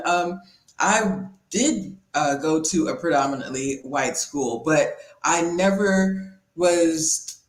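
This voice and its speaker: A woman raised in California hosting a casual panel discussion over a video call, speaking reflectively with many pauses. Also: fairly low pitch. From born in the US South, raised in California. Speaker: panel host. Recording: roomy echoey sound.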